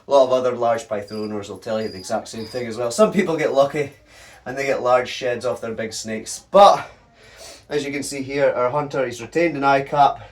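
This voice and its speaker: A reptile keeper and channel host hosts a casual vlog, chatting to the camera and cooing affectionately at the large pythons he handles. He sounds slightly out of breath, speaking fairly quickly in a mid-range voice picked up by a distant mic.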